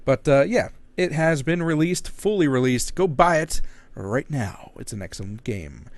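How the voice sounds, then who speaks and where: A man's voice: medium pitch, sing-song, moderate pace, dry recording. A man co-hosting a casual gaming podcast, teasing his partner and joking between points. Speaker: podcast co-host. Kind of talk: casual gaming news chat.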